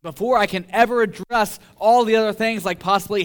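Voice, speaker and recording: A young adult man preaching a sermon as pastor, acting out little scenes and swinging between loud and soft. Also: high voice, moderate pace, few pauses.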